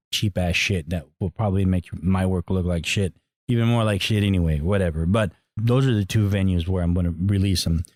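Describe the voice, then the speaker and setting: A middle-aged man hosting a podcast, giving a blunt, profane, animated monologue. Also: low-pitched, no echo, clean studio sound. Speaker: podcast host. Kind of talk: casual opinionated monologue.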